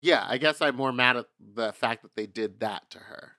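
A man's voice: mid-range voice, moderate pace, sharp tone, dry recording, studio quality. A man co-hosting a casual podcast chat, talking bluntly and pushing back in debate. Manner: blunt, argumentative, swears casually. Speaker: podcast co-host. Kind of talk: casual chat recapping a reality show.

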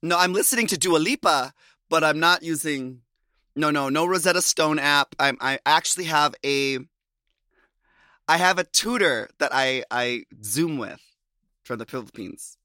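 Chatty guy from minnesota hosting a podcast, bright voice, laughs a lot, dry mic. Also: fairly high pitch, a little slow, no echo. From USA, Minnesota. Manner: chatty, laughs often, animated asides. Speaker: podcast host. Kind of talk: casual chat.

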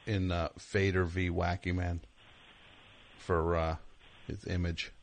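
A middle-aged man hosting a call-in show, joking with callers in a dry, deadpan way. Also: sits low, slow pace, slight background noise. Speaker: host. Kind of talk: casual radio call-in hosting.

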